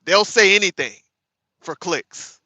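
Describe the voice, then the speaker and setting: A man hosting a casual livestream, chatting with viewers by name, sarcastic and animated, calling his audience y'all. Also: high-pitched, takes it slowly, no room sound. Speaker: livestream host. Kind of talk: casual live chat reading viewer comments.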